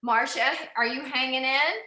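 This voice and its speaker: Cycling instructor, woman: bright, higher voice, encouraging, in a roomy space. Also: steady tone, moderate pace. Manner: upbeat, encouraging, calls out numbers. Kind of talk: coaching an indoor cycling class. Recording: echoey room.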